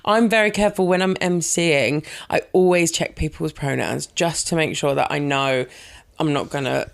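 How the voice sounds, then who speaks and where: A woman's voice: low voice, moderate pace, gravelly. Chatty, laughing British woman comedian. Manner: laughs often, chatty and self-deprecating. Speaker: comedian guest. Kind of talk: casual podcast chat.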